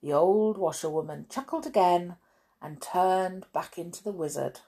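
A woman reading a children's storybook aloud with expressive, swooping emphasis. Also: fairly low pitch, a little slow, husky.

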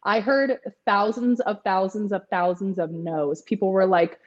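A woman's voice: mid-range voice, fairly even intonation, normal speed, lo-fi sound. A woman in her twenties, a podcast guest, talking in a chatty way with lots of fillers and frequent laughter. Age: 20s. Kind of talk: casual interview chat.

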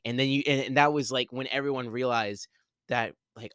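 Excited man rambling on a podcast. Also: mid-range voice, brisk, smooth, no room sound. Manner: excited, rambling, heavy use of "like". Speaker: podcast host. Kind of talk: solo movie spoiler talk.

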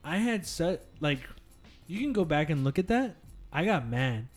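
A man in casual gaming chat, animated and swearing freely as he tells stories from his streams. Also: fairly high pitch, normal speed, soft background music. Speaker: podcast co-host, streamer.

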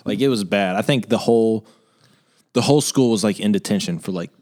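A man's voice: on the low side, fairly quick, darkish tone. Laid-back young man spinning jokey stories. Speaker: podcast co-host. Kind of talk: casual chat.

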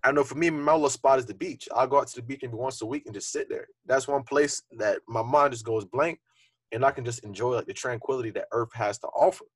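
A man's voice: medium pitch, fast, husky, dry recording. A young man co-hosting a podcast, talking earnestly and reflectively in a casual conversation full of fillers. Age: young adult. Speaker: podcast co-host.

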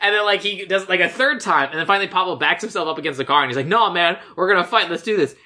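Animated young man, bright voice. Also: high-pitched, fast talker. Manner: animated retelling with quoted voices. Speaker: podcast co-host. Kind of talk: casual movie-review chat.

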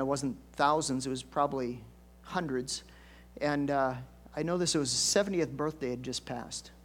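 An older man, a pastor, preaching a conversational storytelling sermon with folksy asides and emphatic swells. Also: a little high.

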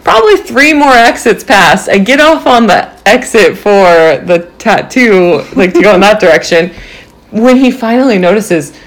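A young woman in her twenties, casually telling a story to her viewers in a bubbly, animated way, full of fillers like "like" and "um". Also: mid-range voice, normal speed. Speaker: vlogger.

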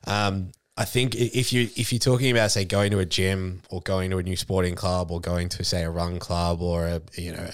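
A man's voice: low voice, no echo, clean studio sound. An Australian man, a mental health charity leader, chatting casually on a podcast and acting out quoted voices as he tells stories. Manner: storytelling, acts out quoted voices, casual swearing.

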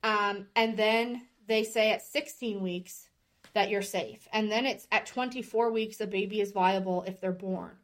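A woman's voice: mid-range voice, fairly even intonation, unhurried, fairly bright tone. A woman in her thirties, a podcast guest, candidly telling a personal story with open emotion. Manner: earnest and openly emotional, speaking candidly.

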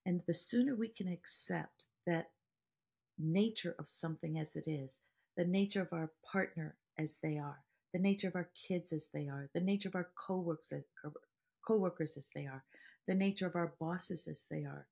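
Low, husky-voiced woman teaching meditation. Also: moderate pace, darkish tone. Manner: earnest, explains with everyday examples and stories. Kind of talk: podcast teaching monologue.

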